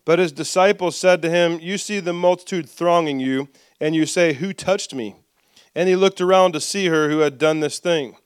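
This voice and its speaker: Preaching a sermon, this man leads call-and-response, reads scripture out loud, and drops his voice low for asides, all in a lively manner. The recording is close and dry, without echo, and his pitch sits fairly high with a smooth quality.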